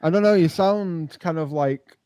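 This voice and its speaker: A man's voice: fairly high pitch, normal speed, mellow, smooth, dry recording. A man from Manchester with a Northern English accent, chatting easily as a guest on a stream. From Manchester, England.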